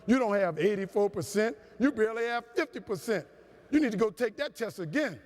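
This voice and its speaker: Stern, caring teacher lady, played by a male speaker, higher voice, echoing hall. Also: expressive, fairly quick. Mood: scolding. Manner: firm, scolding. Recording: long hall reverb.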